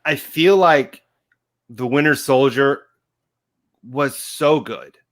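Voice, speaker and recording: A man's voice: mid-range voice, slow. A man hosting a casual podcast and leading a bracket vote, hesitant and full of uhs as he moves things along. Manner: hesitant, lots of uhs, laughs easily. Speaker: podcast host running the bracket. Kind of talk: casual chat.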